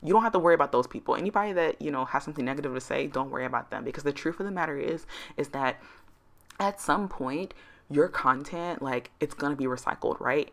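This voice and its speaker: A woman's voice: deep voice, vocal fry, fairly bright tone. A woman hosting her own podcast, giving casual, emphatic advice. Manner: chatty, emphatic, says "girl" and "like" often. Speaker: podcast host.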